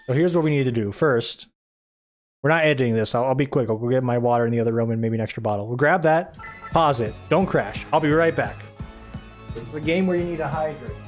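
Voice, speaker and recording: A man giving casual, rambling gameplay commentary, sounding tired, a little raspy and short of breath, with a soft, somber tone. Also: medium pitch, a little fast. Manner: rambling, chatty, self-deprecating. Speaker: gaming video host. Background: game music.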